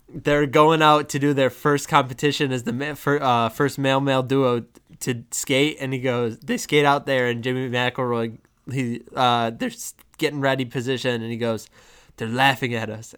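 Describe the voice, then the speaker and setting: A man with a smooth, resonant voice chats about a comedy film on a podcast. He laughs easily and slips into quoted lines with obvious delight. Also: mid-range voice, a bit bright. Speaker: podcast co-host. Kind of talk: casual movie chat.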